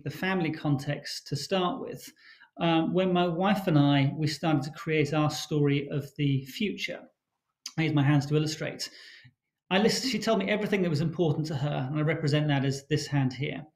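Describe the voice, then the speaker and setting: A man with a fairly high voice, speaking as a guest in a livestream interview. He tells his stories briskly and with animation. His voice sits a little above the usual male range. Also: low-quality recording. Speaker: guest author.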